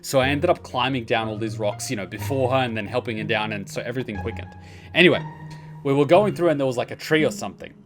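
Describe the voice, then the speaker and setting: A man's voice: mid-range voice, quick pace, over music. An Australian man giving casual gameplay commentary, telling rambling stories and swearing freely. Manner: profane, rambling storyteller. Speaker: let's play host.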